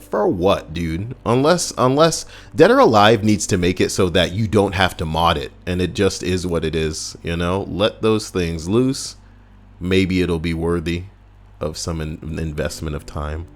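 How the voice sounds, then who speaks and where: Low-voiced man giving crude, rambling gameplay commentary. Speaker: gaming YouTuber. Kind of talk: casual gameplay commentary reading a list. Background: faint background music.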